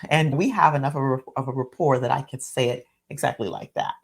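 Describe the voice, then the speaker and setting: A woman's voice: rumbling low, a little fast, vocal fry, slightly rough. A woman hosting a solo podcast, speaking in a reflective teaching tone and repeating phrases for emphasis. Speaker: podcast host and physician.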